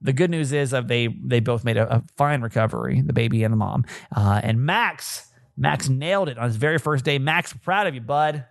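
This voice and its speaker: A man's voice: medium pitch, fairly quick, gravelly, no echo. A man hosting a casual podcast, rambling and self-mocking with many hesitations. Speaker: podcast host. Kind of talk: casual chat.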